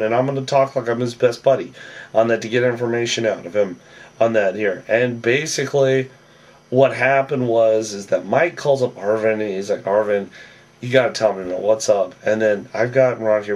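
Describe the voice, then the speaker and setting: A man giving a casual, rambling episode recap, often tacking on "on that" and acting out quoted lines in a higher, louder voice. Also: brisk, distant mic. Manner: rambling, with a habit of "on that". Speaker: reality TV recap vlogger.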